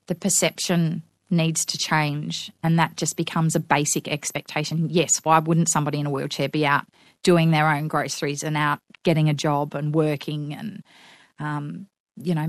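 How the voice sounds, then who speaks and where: A middle-aged woman speaks in a slightly low voice, recorded close and dry. She tells stories with frank, wry humour, slipping into other people's voices as she quotes them. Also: dry recording. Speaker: interview guest. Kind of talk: conversational interview.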